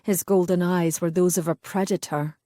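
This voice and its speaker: A woman narrates a historical romance in a measured, steady storytelling voice. Her tone sits low and mellow. The sound is close and dry, with no room around it. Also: dry recording. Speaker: audiobook narrator. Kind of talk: scripted narration.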